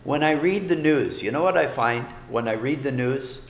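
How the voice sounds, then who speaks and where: A man's voice: medium pitch, lively intonation, normal speed, roomy sound, big-room sound, slight background noise. A man preaching a sermon as pastor, folksy, with rhetorical questions and repeated phrases.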